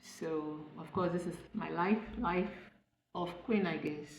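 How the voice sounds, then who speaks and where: Low-pitched young Nigerian woman with a Nigerian accent, casual rambling home vlog on a phone in an echoey room. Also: measured pace, slight background noise. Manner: rambling, restarting, self-correcting. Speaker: vlogger. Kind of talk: casual talk to camera. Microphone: phone camera.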